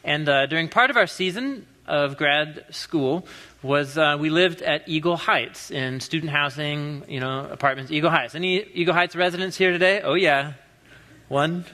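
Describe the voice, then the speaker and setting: A man in his thirties, originally from the US Pacific Northwest, gives a chatty, playful sermon, teasing the congregation while he tells a story. His voice sits a little high, and it rings bright and forceful. It echoes with the long reverb of a large church sanctuary. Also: moderate pace. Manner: animated, joking storyteller. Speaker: pastor. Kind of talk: conversational sermon.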